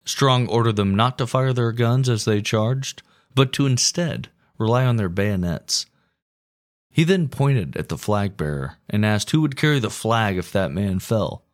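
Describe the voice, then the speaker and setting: A man's voice: on the low side, lively intonation, measured pace. A man hosting a casual history podcast, telling the story with crude, profane jokes.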